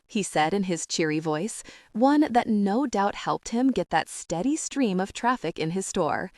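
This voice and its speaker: A woman narrating a first-person romance audiobook in an expressive, conversational storytelling manner. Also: mid-range voice, measured pace, few pauses, dry recording, clean studio sound.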